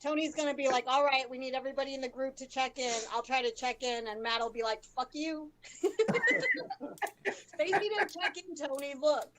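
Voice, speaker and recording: A woman's voice: sits high, fairly quick, low-quality recording. A woman chatting casually with friends, retelling stories animatedly and swearing freely. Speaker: group member. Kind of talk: casual chat, storytelling.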